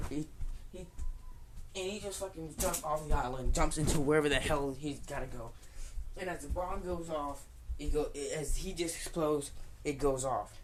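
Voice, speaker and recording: A woman with a notably deep voice tells an improvised fan story off the cuff. She rambles and restarts, swears freely, and bristles defiantly at anyone who dislikes her version. A faint hum sits under her voice. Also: a little mellow, rough recording. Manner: rambling, profane, frequent restarts; defiant outbursts at critics.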